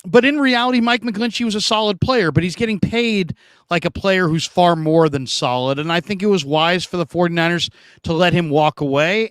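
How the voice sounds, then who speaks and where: Sports talk host guy, kinda high voice, dry close sound, reads the chat. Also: a bit bright, clear, resonant tone, no room sound. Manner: chatty, reads viewer comments aloud.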